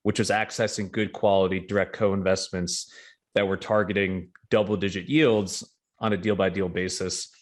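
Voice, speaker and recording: Man, low voice, middle-aged, interview guest, measured, confident, lots of fillers. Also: little pitch movement. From New York. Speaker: real estate investment guest. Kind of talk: casual interview talk.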